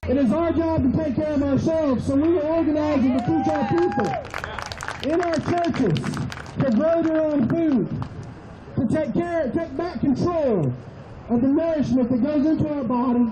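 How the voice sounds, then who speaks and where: A man's voice: extremely high pitch, very animated, unhurried, a crowd in the background, background noise. A man speaking to a gathering in a sermon-like way, calling for amens.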